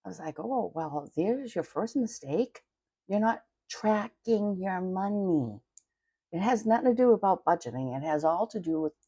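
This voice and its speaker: Blunt, mellow-voiced middle-aged woman. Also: on the low side, no echo, studio quality. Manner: blunt, chatty, swears casually. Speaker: money coach. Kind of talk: casual livestream talk.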